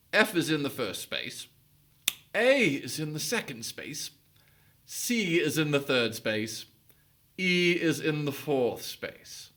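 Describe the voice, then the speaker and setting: Bright-voiced man teaching a recorder lesson. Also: mid-range voice. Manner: encouraging, instructional, praises often. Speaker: music teacher.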